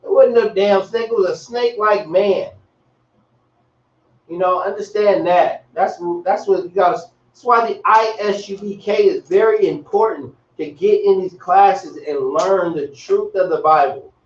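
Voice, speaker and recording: A man teaching a class in a relaxed, slangy way, repeating himself as he explains. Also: high-pitched, unhurried. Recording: echoey, distant, dull room sound.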